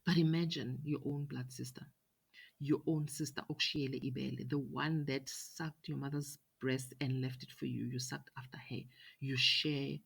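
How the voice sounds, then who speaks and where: A woman's voice: rumbling low, fairly even intonation, moderate pace, vocal fry, slightly rough. A woman host, telling a personal story emphatically and quoting what others said. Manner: emphatic, retells dialogue in quoted voices. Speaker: podcast host.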